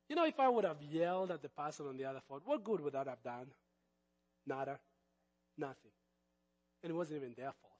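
A middle-aged man preaching, telling a personal story in an animated, expressive way. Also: fairly high pitch, fairly quick, long pauses. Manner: animated storytelling, lively swings of loudness. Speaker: pastor.

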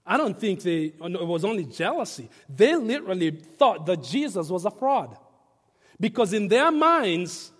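A man's voice: sits high, sing-song, unhurried. A man preaching a sermon to a congregation, emphatic and repetitive, leaning on key phrases and inviting the listeners to read along. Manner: emphatic, repeats phrases, varies loudness for stress. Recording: reverberant hall.

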